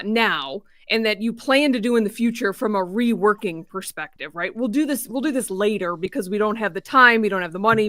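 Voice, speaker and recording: A woman on a discussion panel, speaking in a steady mid-range voice. She explains carefully and stacks up examples one after another, and the sound is close and dry. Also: medium pitch, no room sound. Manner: thoughtful, explains by listing examples. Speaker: guest, healthcare engineering executive.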